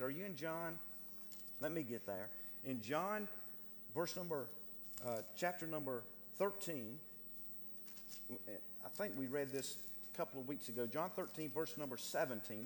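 A man's voice: mid-range voice, expressive, normal speed, long reverb tail, a little hiss or hum. A man preaching a sermon as pastor, reading scripture and driving points home by repeating phrases to the congregation. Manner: emphatic preaching, repeats phrases, addresses brethren.

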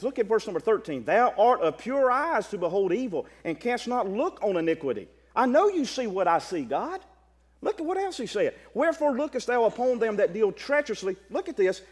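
A high-voiced man preaching a Baptist sermon. His pitch swings widely as he builds from quiet asides to loud, exclaiming stretches. He speaks in a hall with a long echo. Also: very animated, moderate pace.

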